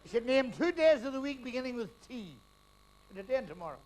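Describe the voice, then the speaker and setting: High, lively stand-up comic. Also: male voice, background noise. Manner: rapid-fire joke telling with crude punchlines, laughing at his own gags. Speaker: stand-up comedian. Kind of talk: stand-up comedy routine. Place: live comedy stage.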